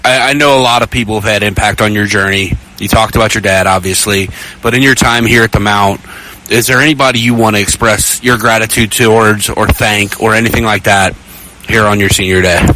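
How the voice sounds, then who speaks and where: A man's voice: fairly low pitch, steady tone, fairly quick, bright, forceful tone, slight background noise, rough recording. A man interviewing a player, asking questions in a familiar, friendly manner with small stumbles as he rephrases. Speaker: sideline interviewer. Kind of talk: sports interview.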